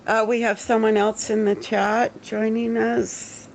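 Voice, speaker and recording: A woman's voice: a little high, flat delivery, unhurried, vocal fry, low-quality recording. A woman hosting a casual livestream, chatty, greeting viewers in the chat and laughing easily. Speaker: show host.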